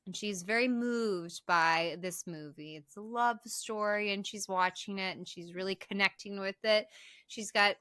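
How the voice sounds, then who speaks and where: A woman's voice: medium pitch, measured pace, clean tone, dry recording, studio quality. A woman co-hosting a podcast, chatting casually as she recaps a horror film, laughing often and acting out the characters' lines. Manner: animated, laughs often, acts out quotes. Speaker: podcast co-host.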